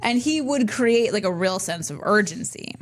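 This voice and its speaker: Chatty woman co-host. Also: moderate pace. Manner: chatty, laughs often, jumps to big animated pitch swings. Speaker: podcast co-host. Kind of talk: casual chat.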